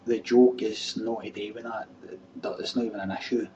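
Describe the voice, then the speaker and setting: A man's voice: fairly low pitch, level tone, normal speed, a little mellow. A Scottish man hosting a live webcam show, rambling and swearing in casual chat. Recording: dull webcam audio from a distance with faint background hum.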